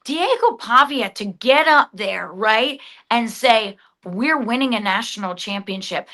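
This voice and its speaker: A woman with a Southern accent, co-hosting a casual sports talk show, emphatic and quick to restart her sentences. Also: fairly high pitch, animated, bright, forceful tone. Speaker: podcast co-host.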